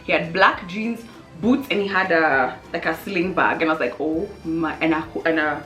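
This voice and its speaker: A young woman who hosts a channel tells a funny story casually to camera at normal speed, animated and lively, jumping into high exclamations. The room has a roomy echo with faint music in the background.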